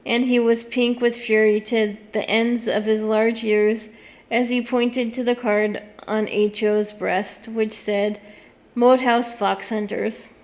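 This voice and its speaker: A woman reading an old children's novel aloud, measured and deliberate. Her pace is unhurried and her voice sits a little high. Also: level tone, darkish tone. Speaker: audiobook reader. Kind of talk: scripted audiobook narration.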